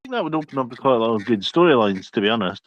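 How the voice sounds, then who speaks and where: A man's voice: mid-range voice, expressive, racing. A man co-hosting a podcast in casual chat, laid-back, with brief remarks and questions. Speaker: podcast co-host. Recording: dry, slightly dull sound.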